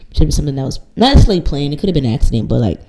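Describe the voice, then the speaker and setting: Low gravelly woman, blunt storyteller. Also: rapid-fire, rough recording. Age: late 20s. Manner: blunt, swears freely, lively storytelling. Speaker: podcast host. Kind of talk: candid casual chat.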